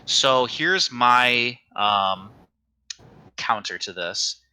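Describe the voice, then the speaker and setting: A man's voice: mid-range voice, lively intonation, drawn-out words, sharp tone, clean tone. A man running a tabletop game as dungeon master, explaining rules patiently with lots of "um" and "like".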